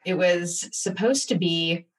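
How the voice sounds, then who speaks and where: A woman guest in an interview, telling a personal story candidly and with animated, acted-out asides. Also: on the low side, slow, far from the mic. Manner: candid, animated retelling with acted-out inner voices.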